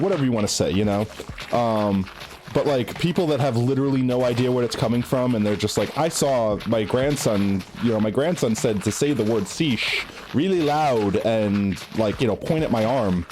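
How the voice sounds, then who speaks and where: A man's voice: fairly low pitch, a little mellow. A male streamer chatting casually with his viewers while gaming, rambling, restarting his sentences and breaking into giggles. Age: adult.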